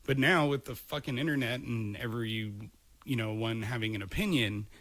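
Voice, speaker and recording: A man's voice: mid-range voice, normal speed, a bit bright, no echo. A man hosting a podcast in casual chat, rambling and opinionated. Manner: rambling, opinionated, laughs easily. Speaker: podcast host.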